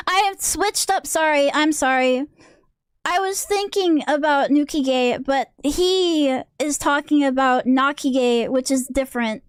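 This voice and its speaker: A woman's voice: sits high, lively intonation, takes it slowly, fairly bright tone, no room sound, clean studio sound. A woman streamer in a casual rant, rambling and restarting her sentences, sounding exasperated. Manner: rambling, self-interrupting, exasperated.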